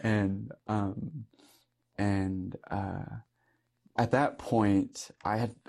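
Young priest telling a story. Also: male voice, lowish voice, fairly even intonation, drawn-out words, vocal fry, a little mellow. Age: young adult. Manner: earnest, laughs often. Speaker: Catholic priest. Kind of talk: conversational storytelling.

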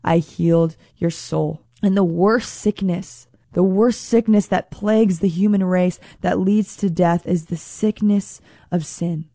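A woman giving an earnest devotional reflection, speaking slowly and emphatically and often repeating phrases. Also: mid-range voice, steady tone, dark tone, no room sound.

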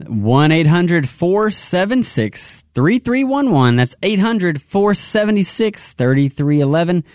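A man hosting a radio pledge drive, upbeat and urging, who slows down to repeat phone numbers. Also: high-pitched, big pitch swings, darkish tone, no room sound, studio quality. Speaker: radio fundraiser host. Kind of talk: on-air pledge drive appeal. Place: radio studio.

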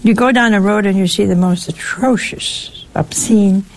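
A woman giving a conversational sermon in a folksy way, asking her listeners rhetorical questions and jumping up in pitch for emphasis. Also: moderate pace. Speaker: preacher.

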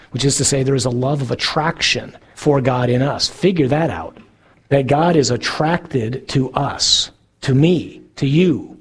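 A man giving a sermon as a priest, earnest, slowing down to stress key words. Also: medium pitch, a little hiss or hum. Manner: earnest, slows for emphasis.

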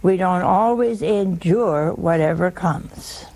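A woman's voice: fairly low pitch, takes it slowly, mellow, slight background noise. A woman giving a folksy sermon, chatty and teasing, full of rhetorical questions to her listeners. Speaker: religious teacher.

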